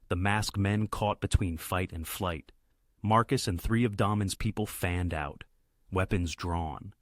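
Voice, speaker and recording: Guy reading a thriller story, lowish voice, dry sound. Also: no room sound. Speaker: narrator. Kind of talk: scripted story narration.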